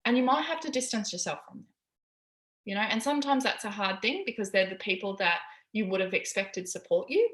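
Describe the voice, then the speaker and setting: A woman's voice: mid-range voice, lively intonation, brisk, a bit bright. A woman coaching her team on a live call from a busy home, candid and encouraging, swearing freely. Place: busy home with kids in background. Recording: roomy echo.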